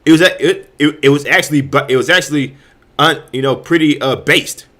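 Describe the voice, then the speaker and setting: A man's voice: a little high, a little fast, fairly bright tone. Heated stammering man ranting. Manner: heated, repetitive, stammering restarts with frequent profanity. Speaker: host. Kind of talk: ranting commentary.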